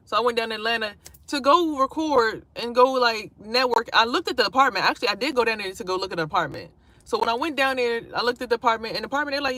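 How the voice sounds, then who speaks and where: A woman vlogger telling a personal story in a casual, animated way, swearing freely and acting out what people said. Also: fairly high pitch, fast. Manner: animated, profane, acts out quotes.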